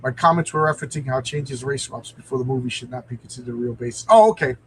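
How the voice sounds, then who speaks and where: A man's voice: medium pitch, fairly even intonation, fast talker, fairly bright tone, a little hiss or hum, low-quality recording. A man hosting a live stream, reading a comic aloud with enthusiasm and answering viewer comments.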